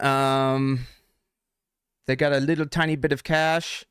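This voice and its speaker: A man's voice: mid-range voice, steady tone, slow pace, pauses often, a bit bright, clean tone, no room sound, studio quality. A man teaching trading on a live stream, talking casually and swearing freely as he chats with viewers. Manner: casual, profane, talks straight to chat.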